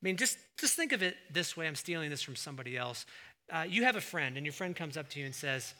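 A male pastor preaching a sermon, asking rhetorical questions and swinging between hushed, slow emphasis and loud exclamations. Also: fairly high pitch, big pitch swings. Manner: asks the congregation rhetorical questions.

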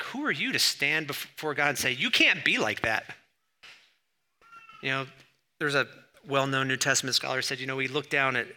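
Bright-voiced pastor preaching. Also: male voice, medium pitch. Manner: animated, rising loud on scripture; conversational with fillers and asides. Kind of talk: sermon.

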